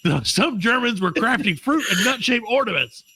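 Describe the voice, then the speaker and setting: Animated, profane male comedy podcast host. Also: extremely high pitch, normal speed, slightly rough, low-quality recording. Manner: animated, swings between loud bursts and mutters, profane. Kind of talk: comedic banter reading trivia.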